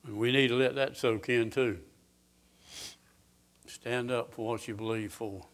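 Slow, emphatic male preacher. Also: mid-range voice, steady tone. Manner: slow, emphatic scripture reading with rising intensity; asks the congregation direct questions. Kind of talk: sermon.

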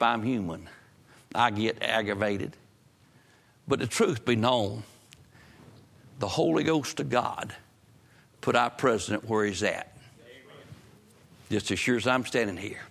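A male preacher delivering a sermon, fervent and repetitive, climbing to loud emphatic peaks and then dropping low and quiet. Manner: repeats phrases for emphasis.

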